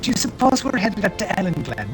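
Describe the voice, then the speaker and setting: A woman voices a wood elf character in a game, tossing in dry, teasing remarks with a lively, swinging lilt. Game music plays clearly behind her. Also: medium pitch, fast. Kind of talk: in-character game role-play.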